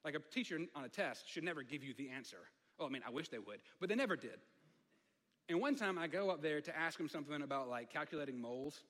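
A man's voice: on the high side, fairly bright tone, in a large hall. A man preaching a sermon as pastor, talking conversationally and building to emphatic fervor.

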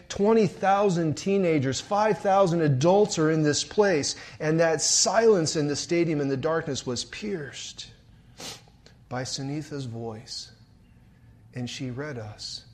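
A man preaching and telling a story in a large hall, dropping to hushed murmurs and swelling forcefully. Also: on the high side, unhurried. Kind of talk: sermon storytelling.

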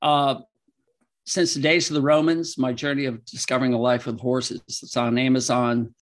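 A man's voice: mid-range voice, little pitch movement, moderate pace. Guy guest in a casual interview, tells long stories, laughs at his own jokes. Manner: laughing, emotional, rambling anecdotes. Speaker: guest, veterinarian and author. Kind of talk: casual interview answers with storytelling.

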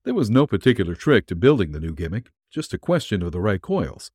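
Low, husky wry male storyteller. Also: big pitch swings, brisk, darkish tone, no echo, clean studio sound. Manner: wry, hard-boiled first-person storytelling. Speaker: narrator. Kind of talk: reading a vintage pulp story aloud.

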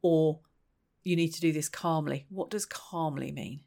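A woman's voice: low-pitched, measured pace, gravelly, dark tone. A woman giving a chatty, reflective solo talk as a parenting practitioner, thinking aloud and acting out quoted lines.

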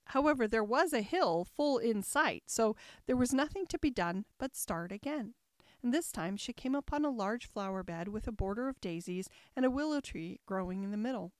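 A woman narrating a classic storybook as an audiobook reader, expressive and lilting, close to the mic. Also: a little high, moderate pace, no room sound.

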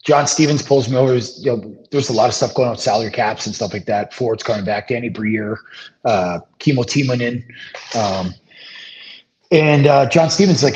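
A middle-aged man, a former hockey player, telling stories as an interview guest, relaxed and rambling with many fillers and restarts. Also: mid-range voice, normal speed. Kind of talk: casual storytelling interview. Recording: dull lo-fi audio.

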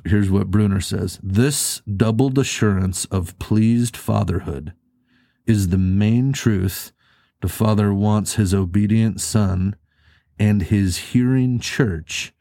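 Male pastor, low mellow voice, dry close sound, earnest conversational sermon delivery. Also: measured pace, dry recording. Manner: earnest, conversational preaching with rhetorical questions.

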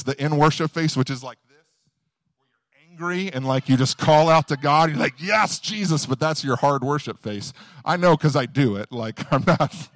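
A man's voice: medium pitch, no echo. A young man, preaching a casual, conversational sermon, telling stories and pushing hard on key points. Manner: conversational, storytelling, quick bursts of emphasis.

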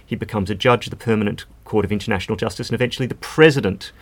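A man's voice: lowish voice, racing. A man speaking as a legal expert guest in a podcast conversation, explaining at length with casual fillers.

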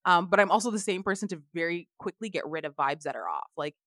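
A woman's voice: lowish voice, expressive, fast talker, a bit bright, no room sound, studio quality. A young woman co-hosting a teacher podcast in casual chat, laughing often and saying "like" a lot.

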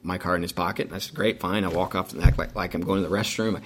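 Middle-aged male guest, low register, fast rambling storyteller, casual interview. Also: steady tone, a bit bright, slight background noise. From Indiana, United States. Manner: rambling, many restarts and fillers. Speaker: racetrack president, guest.

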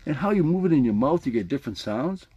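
A man's voice: fairly high pitch, lively intonation, fast talker, muffled recording, background noise. A man hosting his own podcast, talking casually and playfully while demonstrating a jaw harp with a motivational message. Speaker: podcast host. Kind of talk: casual motivational vlog talk.

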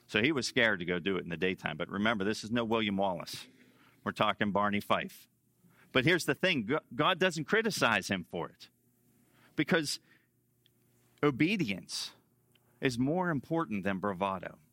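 A male pastor delivers a sermon with emphatic stresses and repeated key lines. His lowish voice has a forceful, bright edge. The sound is close and dry, with a lively sweep between loud and quiet phrases. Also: normal speed, long pauses, dry recording.

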